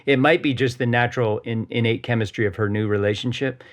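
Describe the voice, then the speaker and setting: A man's voice: medium pitch, steady tone, quick pace. A man co-hosting a podcast, talking casually and rambling, with lots of fillers and little checks for agreement. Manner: rambling, loaded with fillers like "you know" and "right". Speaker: podcast co-host. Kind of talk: casual personal conversation.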